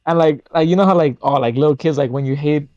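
A man's voice: fairly high pitch, fast, a little mellow, dry recording, lo-fi sound. Rambling young man, swearing storyteller. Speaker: podcast host. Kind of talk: casual chat.

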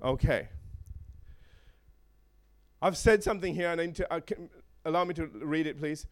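A man preaching a sermon in an animated way, with joking asides and chuckles. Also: on the high side, normal speed, long pauses.

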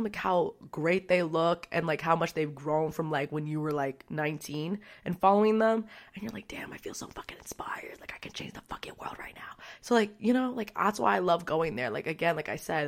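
A young woman hosting her own podcast, chatting casually and rambling, with lots of fillers and swearing. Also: low-pitched. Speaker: podcast host. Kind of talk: casual solo podcast chat.

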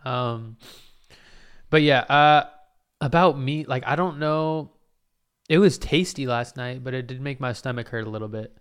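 A man's voice: medium pitch, unhurried, pauses often, smooth. A man hosting his own podcast alone, rambling in a self-mocking way and swearing often. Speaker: podcast host. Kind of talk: casual solo podcast monologue.

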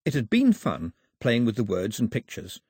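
A man narrating an audiobook in an expressive, storytelling manner on a close studio mic. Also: mid-range voice, normal speed, breathy edge, no echo. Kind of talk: scripted narration.

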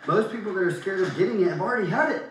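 Male podcast host, easygoing, fairly high, boomy far-off room sound. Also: racing. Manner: casual, laughs while asking questions. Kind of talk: casual interview. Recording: very echoey room, distant mic, faint hiss.

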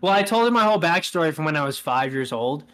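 A man's voice: fairly high pitch, expressive, quick pace, a bit bright. A man co-hosting a podcast, telling a rambling anecdote in casual chat, laughing often and acting out what people said. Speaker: podcast co-host.

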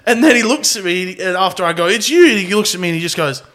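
A man's voice: sits high, animated, fast, a bit bright. A man hosting a podcast, telling a rambling story and laughing through his own anecdotes. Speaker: podcast host. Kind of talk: casual chat.

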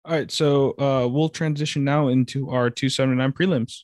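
A man's voice: mid-range voice, steady tone, fairly quick, a little mellow, dry recording, clean studio sound. A man hosting a casual podcast, chatty and upbeat, reading an ad in a loose conversational way. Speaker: podcast host.

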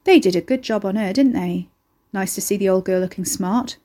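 A woman voicing a cocky, gruff young man with a Londonized local accent in an audiobook reading. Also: medium pitch, a little fast, warm tone, close to an everyday voice. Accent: Londonized English local.

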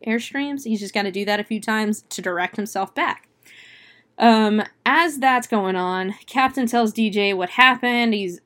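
A film reviewer with a mid-range, slightly bright voice casually retells a movie plot. She's chatty and profane, her talk full of fillers, and she laughs often as she goes.

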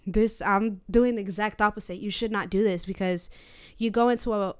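Earnest woman with a clear voice. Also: mid-range voice, steady tone, moderate pace. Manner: earnest and personal, with nervous laughs. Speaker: co-host of a Christian podcast. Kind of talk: casual faith discussion.

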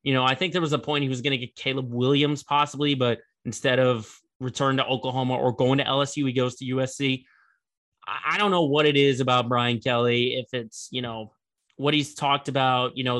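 A man's voice: medium pitch, a bit bright. A young man hosting a casual sports commentary show, chatty and rambling, laughing at the story.

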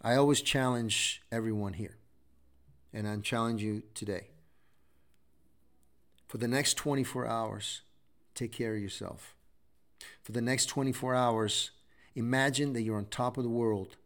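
A man's voice: mid-range voice, fairly even intonation, measured pace, pauses often, a bit bright. A middle-aged man hosting a show, giving a preachy motivational talk full of repeated exhortations. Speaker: show host.

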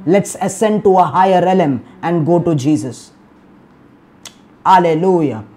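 A man's voice: sits high, measured pace. A man preaching a sermon, often repeating himself and restarting his words, and saying "Hallelujah" and "Amen" again and again. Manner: emphatic preaching, rising loud in bursts, with repeated "Hallelujah" and "Amen".

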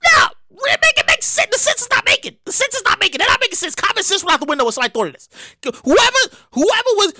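A woman hosting her own show, ranting loudly and profanely in a comedic monologue, getting worked up and shouting. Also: extremely high pitch, moderate pace, no room sound, clean studio sound. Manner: loud, profane, excitable ranting. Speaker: show host.

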